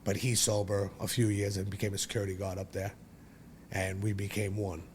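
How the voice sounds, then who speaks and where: A man's voice: on the low side, flat delivery, fairly quick, darkish tone, a little hiss or hum. A man, telling his own story as a podcast guest in a blunt, profane, rambling way. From Brooklyn, New York. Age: 40s. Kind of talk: candid personal storytelling.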